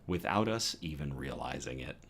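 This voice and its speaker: A man hosting a news livestream, reading stories aloud and chatting with viewers between them in a lively, self-correcting way. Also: a bass voice, moderate pace, breathy edge. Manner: lively, reads chat comments aloud and self-corrects with a laugh. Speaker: news show host.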